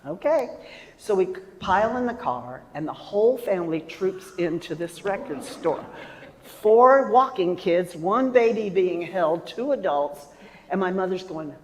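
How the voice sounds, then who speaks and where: A woman in her seventies telling a personal story on stage, animated and acting out the voices of the people in it. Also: fairly low pitch, measured pace. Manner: animated, acts out voices and sings snippets. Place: festival stage in a hall. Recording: long hall reverb.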